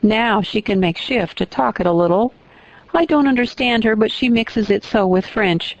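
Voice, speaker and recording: A woman's voice: medium pitch, normal speed, no echo, highs cut off, natural voice. A woman voicing a kindly, chatty elderly widowed housekeeper who talks in a fussy, exclaiming way, read from an audiobook. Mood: explaining.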